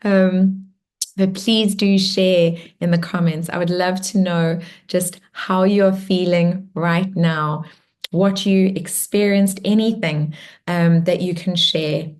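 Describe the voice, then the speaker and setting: A woman closing a guided meditation and warmly encouraging an online group as she reads out their comments. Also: fairly low pitch, fairly even intonation, slow. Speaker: meditation and spiritual workshop leader. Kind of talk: guided meditation close and live group check-in.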